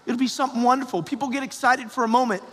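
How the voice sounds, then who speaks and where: A man's voice: very high-pitched, fairly even intonation, rapid-fire, bright, forceful tone. A male parish priest preaching a homily in a conversational, repetitive way that rises to emphatic calls. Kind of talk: sermon. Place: church. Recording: long church reverb.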